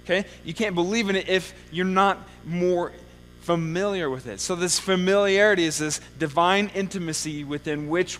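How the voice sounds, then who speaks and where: A man's voice: sits high, normal speed, a bit bright. A male pastor giving a conversational sermon in a church, often checking in with the congregation with "okay?". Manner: conversational preaching with frequent "okay?" check-ins. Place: church sanctuary. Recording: long hall reverb with faint mains hum.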